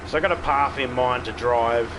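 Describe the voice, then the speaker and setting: A man's voice: mid-range voice, fairly even intonation, moderate pace, noisy background. Laid-back Australian man streaming a game. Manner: laid-back, swears freely, stumbles and repeats words. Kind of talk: casual live-stream chat while gaming.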